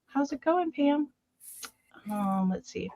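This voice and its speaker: A woman's voice: high voice, expressive, takes it slowly, vocal fry, warm tone. A woman co-hosting a live vintage sale in casual chat, greeting viewers by name and walking through the steps with many fillers.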